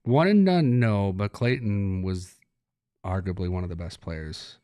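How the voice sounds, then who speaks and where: A low-pitched man talks loosely as an interview guest. His stories ramble and he chuckles through them. The sound is dry and close, with no room around it. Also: measured pace, warm tone, clear, resonant tone, no room sound. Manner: laid-back, rambling, laughs while telling stories. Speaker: hockey coach, guest. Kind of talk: relaxed interview talk.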